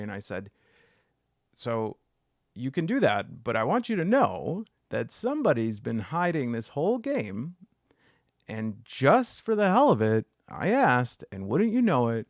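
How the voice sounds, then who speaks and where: A man telling a story in a casual monologue, joking as he goes and climbing to a high, excited pitch when he gets worked up. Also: vocal fry, no room sound, studio quality. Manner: jokey asides, many fillers. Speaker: solo video essayist.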